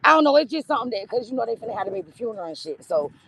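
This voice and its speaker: Impassioned gravelly-voiced woman livestreaming. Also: on the high side, very animated, very fast, background noise. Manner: impassioned, addresses viewers as y'all. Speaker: livestream host. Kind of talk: emotional livestream talk to viewers.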